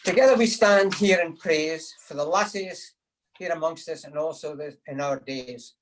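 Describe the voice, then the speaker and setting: A man's voice: fairly high pitch, moderate pace, low-quality recording. Guy doing a toast over video call, story after story, laughs at his own jokes. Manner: storytelling with acted quotes, chuckling at own jokes. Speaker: speaker giving a toast to the lassies. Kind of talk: after-dinner joke telling.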